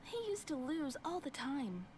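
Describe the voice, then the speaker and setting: A woman voicing a gentle, soft-spoken young townswoman with a soft, slightly squeaky, near-whispered voice who tells stories patiently. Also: very animated, a little slow, slight background noise.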